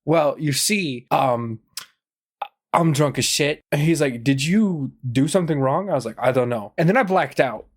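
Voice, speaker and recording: A man's voice: on the high side, lively intonation, normal speed, hardly any pauses, husky. A man casually telling a long, profane story on a podcast, rambling and acting out what others said. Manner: profane, rambling, acts out quoted voices. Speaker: podcast guest.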